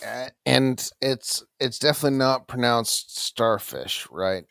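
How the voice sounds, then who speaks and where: Gravelly, slow-talking man. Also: medium pitch, a bit bright, no room sound, clean studio sound. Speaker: podcast co-host. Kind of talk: casual chat.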